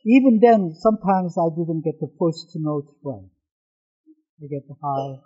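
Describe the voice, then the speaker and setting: A middle-aged man, a native Korean speaker, teaching a sermon-style lesson on scripture, halting between phrases and stressing single words. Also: on the high side, expressive, dark tone. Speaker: pastor teaching devotion. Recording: dull lo-fi recording.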